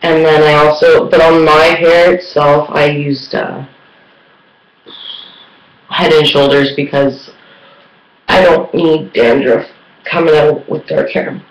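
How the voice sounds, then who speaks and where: A woman's voice: sits low, steady tone, slow, pauses often. A woman chatting casually in a beauty vlog, rambling with lots of fillers. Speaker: beauty vlogger. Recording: echoey room.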